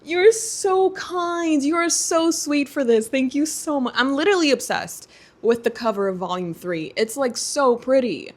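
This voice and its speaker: Young woman, slightly high voice, excitable, gushing, casual unboxing vlog. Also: moderate pace. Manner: gushing and excitable, many exclamations. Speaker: booktuber.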